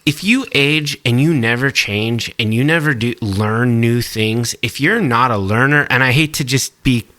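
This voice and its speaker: A man's voice: mid-range voice, moderate pace, few pauses, pushed and bright, no room sound. A man co-hosting a podcast in casual chat, talking at length and explaining things. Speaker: podcast co-host.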